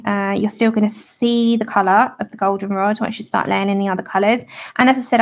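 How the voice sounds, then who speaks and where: A woman's voice: medium pitch, gravelly. Chatty woman, lo-fi stream audio. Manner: chatty, greets viewers by name, laughs often. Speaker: art livestream host. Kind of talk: live colouring tutorial with chat.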